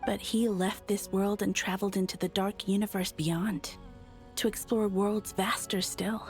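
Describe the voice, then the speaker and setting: A resigned ancient moon goddess, played by a woman speaks in a grave, deliberate way. Her voice sits at a middle pitch. It is a game cutscene performance. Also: fairly even intonation, faint music behind, close to an everyday voice.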